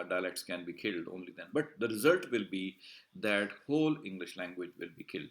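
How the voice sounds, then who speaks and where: Low-voiced man giving a measured lecture. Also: sharp tone. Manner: deliberate, explanatory, repeats and rephrases points; frequent filler "uh" and restarts. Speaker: university lecturer. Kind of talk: recorded video lecture.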